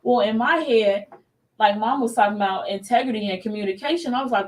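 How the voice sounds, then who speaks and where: A woman's voice: mid-range voice, fairly quick, distant mic. A woman in her thirties hosting a casual faith talk show, telling stories animatedly and acting out what people said. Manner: animated storytelling, acts out quotes. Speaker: show host.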